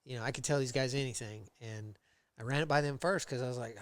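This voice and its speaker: A man guesting on a podcast, telling his work history in a rambling, casual way with many fillers, and getting animated when he retells old conversations. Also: medium pitch, quick pace, dry recording. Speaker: podcast guest, metal fabricator. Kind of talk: casual interview storytelling.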